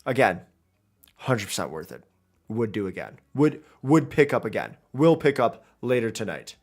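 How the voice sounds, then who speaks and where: A man's voice: medium pitch, very animated, normal speed. A man giving casual, rambling commentary while streaming a game, chatty and self-interrupting, into a desk mic.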